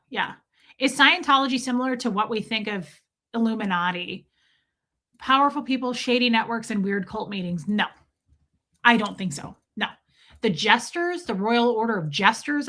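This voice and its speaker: A livestream host with a fairly high, pushed, bright voice reads comments from viewers and responds casually, swearing and teasing in a playful, exaggerated way.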